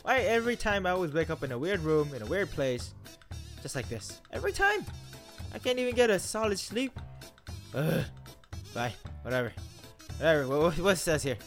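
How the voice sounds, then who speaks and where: A man's voice: fairly high pitch, very animated, fairly quick, pauses often, soft background music. A young man doing jokey horror game commentary, rambling to himself and yelping when startled. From Philippines. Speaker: gaming YouTuber.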